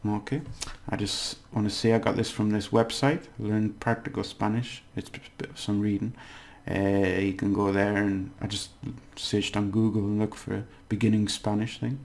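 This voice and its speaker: A man giving a casual language lesson, explaining slowly and repeating words, with many fillers. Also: lowish voice, little pitch movement, vocal fry, darkish tone. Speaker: language teacher.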